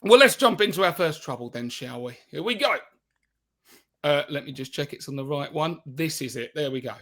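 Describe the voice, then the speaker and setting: Male comic co-host, high bright voice, loose sweary riffing with restarts. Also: animated, moderate pace. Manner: jokey, swears freely, stumbles and restarts. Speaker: podcast co-host. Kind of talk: casual comedic chat.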